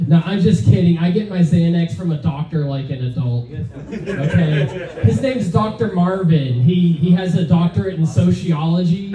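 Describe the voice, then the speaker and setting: Halting deadpan stand-up comic man. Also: fairly high pitch. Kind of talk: stand-up set. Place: comedy club, open mic. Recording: echoey room from far off. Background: audience laughter.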